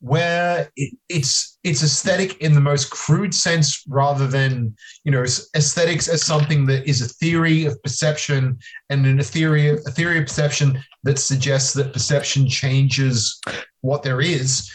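Guy on a podcast, kinda high voice, stops and restarts a lot, hedging as he theorizes. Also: steady tone, poor audio. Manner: halting, hedging, with many restarts while theorizing. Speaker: podcast guest. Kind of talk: casual podcast chat.

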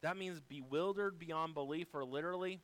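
A man's voice: normal speed, rough recording. Man preaching with big swings in volume. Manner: preaching with swings from quiet to loud and high. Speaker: pastor. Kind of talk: sermon.

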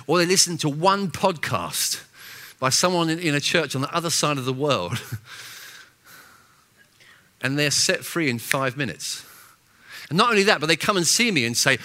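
A senior pastor preaching a sermon in an animated, self-mocking way, with frequent restarts and big swings between loud and soft. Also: male voice, medium pitch.

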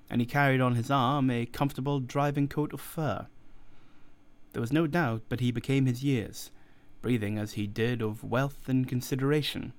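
Male storyteller for classic fiction. Steady, deliberate audiobook narration, middle pitch. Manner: measured, deliberate reading.

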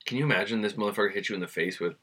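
A man co-hosting a podcast in casual chat, animated and quick to react with exclamations. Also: fairly low pitch, slight background noise. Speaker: podcast co-host.

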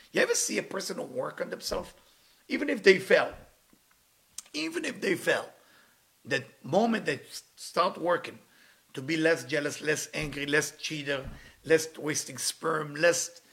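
This spiritual teacher's voice sits a little high and sounds pushed and bright. In his storytelling sermon he speaks English with non-native grammar, his earnest manner sometimes escalating into impassioned pleas.

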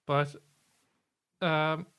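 A man's voice: on the high side, level tone, drawn-out words, a bit bright, smooth. Man, podcast co-host, casual and explanatory, filler-heavy delivery. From Ireland. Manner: chatty, explanatory, with many fillers and restarts.

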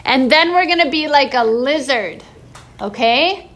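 A woman teaches a live kids' yoga class in a very high, sing-song voice. She talks slowly and brightly, playful and encouraging the whole way.

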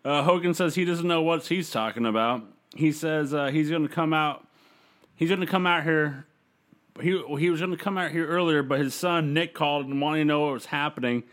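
A man's voice: on the high side, moderate pace, fairly bright tone. A man casually recapping a wrestling show on a podcast, rambling with fillers. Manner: loose, rambling recap with fillers and quoted voices. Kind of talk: casual chat, play-by-play recap.

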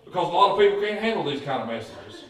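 Preacher guy, kinda high voice, booming echo like he's far off from the mic in a big church. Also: big pitch swings, fast talker. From Kentucky. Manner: folksy, joking, repeats words, calls for amens. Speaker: pastor. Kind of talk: lively preaching sermon. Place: church sanctuary.

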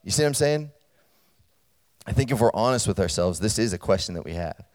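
A man preaching to college students, talking casually and checking in with them, and getting loud and animated as he tells a personal story. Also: fairly low pitch, a little fast. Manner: conversational, storytelling, checks in with listeners; grows loud and animated when telling a story. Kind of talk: sermon. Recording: long hall reverb.

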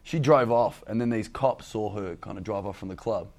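A man's voice: on the low side, normal speed, creaky, darkish tone. A man with an Australian accent chats as a comedian guest, spinning self-mocking stories with plenty of laughter. His delivery is loose and casual, landing jokes about himself.

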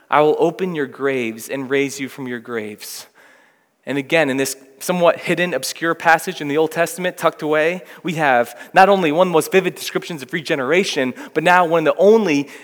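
A man's voice: a little high, fairly quick, fairly bright tone. A man preaching a sermon, reading scripture aloud and then explaining it with rising emphasis. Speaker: pastor. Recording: long reverb of a hall.

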